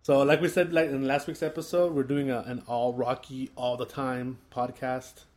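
A man's voice: mid-range voice, level tone, normal speed, darkish tone. Man, podcast co-host, casual chat, rambling, jokey. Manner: rambling, joking, laughs often.

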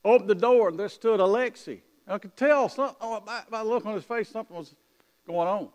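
A high-pitched man preaches through a story, acting out each exchange of dialogue. The long reverb of a large hall trails after his words. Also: brisk. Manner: animated anecdotal telling with quoted dialogue. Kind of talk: sermon storytelling.

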